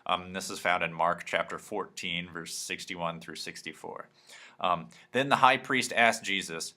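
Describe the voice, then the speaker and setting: A man's voice: deep voice, a little slow, bright, forceful tone. A man teaching a Bible lesson to a youth group in a casual, conversational way, often checking in with "right?".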